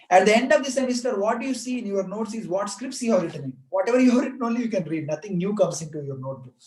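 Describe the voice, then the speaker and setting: Man giving a motivational talk, high voice, earnest, rhetorical questions, echoey room. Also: a little mellow. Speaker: motivational speaker.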